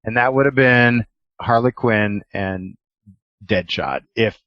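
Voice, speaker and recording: A man's voice: lowish voice, slow, dry recording, dull audio. A man co-hosting a podcast, joking and laughing in casual chat. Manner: jokey, laughs often. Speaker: podcast co-host.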